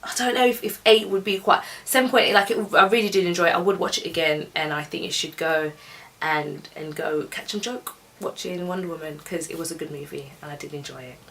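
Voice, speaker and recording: A woman's voice: sits low, steady tone, brisk, fairly bright tone, far from the mic. Chatty woman reviewing films. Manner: chatty, laughing, opinionated. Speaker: film reviewer. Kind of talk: casual film review vlog.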